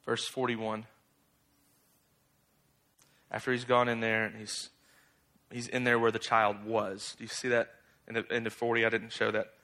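Guy preaching a sermon, bright forceful voice, chatty and animated, gets loud and high when he's worked up. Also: normal speed, pauses often. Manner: conversational preaching, acts out bible characters with slangy asides. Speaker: pastor.

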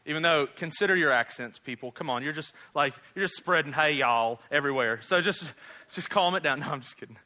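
A man's voice: a little high, fast, pushed and bright. A man, preaching a casual, humorous sermon as a pastor, full of jokes and tag questions. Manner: joking, conversational, rhetorical tag questions.

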